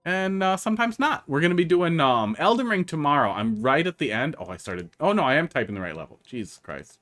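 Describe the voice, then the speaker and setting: A man's voice: a little high, sing-song, a little fast, fairly bright tone, soft background music. A man with a Wisconsin accent, chatting casually as a streamer while he plays and answers chat. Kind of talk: casual live-stream commentary.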